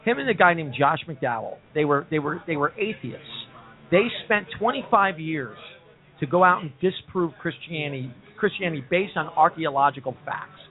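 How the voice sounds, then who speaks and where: A man's voice: fairly high pitch, expressive, normal speed. Rambling New Jersey man on a tinny line. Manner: rambling, emphatic, joke-telling. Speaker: host. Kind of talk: casual pub chat show. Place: pub. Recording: tinny phone-like audio.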